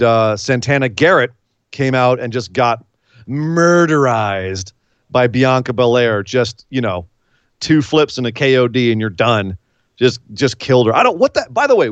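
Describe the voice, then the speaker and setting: A man's voice: mid-range voice, no echo. Chatty man recapping wrestling, lo-fi. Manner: chatty, laughs while recapping. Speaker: wrestling podcast co-host. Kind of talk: casual recap chat.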